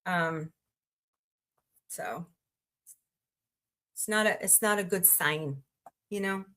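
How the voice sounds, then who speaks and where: A woman's voice: fairly low pitch, slow pace, sharp tone. A woman hosting a casual livestream, chatting, greeting viewers by name and rambling through asides. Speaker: livestream host.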